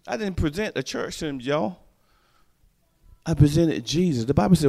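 Animated, high-voiced male preacher. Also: moderate pace, gravelly. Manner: animated, call-and-response, storytelling. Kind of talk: sermon.

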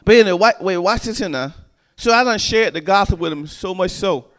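With a high voice and a slightly quick delivery, a man preaches a sermon in an animated style. He tells stories and checks in with the congregation through call-and-response.

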